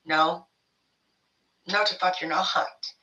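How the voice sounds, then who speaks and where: A woman's voice: on the low side, fairly even intonation, slow, pushed and bright, recorded from a distance, lo-fi sound. A woman giving a casual spiritual tarot reading to her viewers, rambling and blunt, swearing freely as she talks. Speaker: tarot reader.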